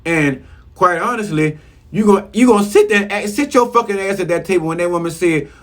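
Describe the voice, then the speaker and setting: A man's voice: high voice, brisk, a bit bright. A man giving a casual, profane recap of a reality show episode, scolding the cast bluntly. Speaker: reality TV commentator.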